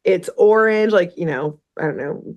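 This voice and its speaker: This podcast co-host has a fairly low, darkish voice at a moderate pace, heard through lo-fi sound. She recaps a cartoon episode in a loose, joking way, wandering off into laughs and side comments.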